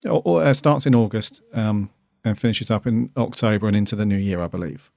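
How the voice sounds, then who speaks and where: Gravelly-voiced man co-hosting a podcast. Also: on the low side, fairly quick, a little mellow, dry recording. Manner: jokey, chatty, laughs often, trailing restarts. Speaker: podcast co-host. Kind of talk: casual podcast chat.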